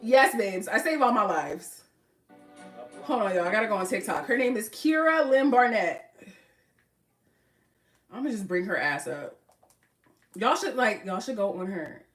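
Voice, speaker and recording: A woman's voice: mid-range voice, a little slow, long pauses, recorded from a distance, soft background music. A woman in her twenties from Philadelphia with a Philly accent, chatting casually and animatedly to her livestream viewers. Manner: chatty and animated, laughing often, talking straight to viewers. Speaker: livestream host. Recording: roomy and set back from the mic.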